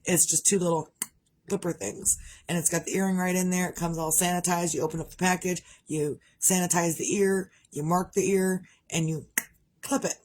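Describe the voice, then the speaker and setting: Middle-aged woman, low-ish voice, candid rambling vlog chatter. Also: steady tone, moderate pace, darkish tone. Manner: rambling, candid, conversational with frequent restarts. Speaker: parent vlogger. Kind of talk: casual personal vlog monologue.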